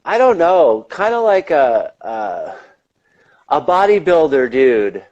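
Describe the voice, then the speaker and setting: A man's voice: fairly high pitch, sing-song, slow pace, a little mellow, highs cut off. A man being interviewed in a casual chat, talking in a rambling, enthusiastic way and swearing now and then. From United States. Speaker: interview guest.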